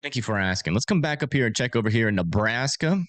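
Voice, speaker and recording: A man's voice: medium pitch, animated, fast, a bit bright, no echo. Chatty man rambling over storm maps. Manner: rambling, filler-heavy, chatty. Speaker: livestream storm forecaster. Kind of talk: casual livestream commentary.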